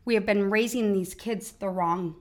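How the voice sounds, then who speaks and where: A woman's voice: medium pitch, moderate pace. A woman hosting a casual conversation about parenting, speaking reflectively and laughing now and then. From Michigan, United States. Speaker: host.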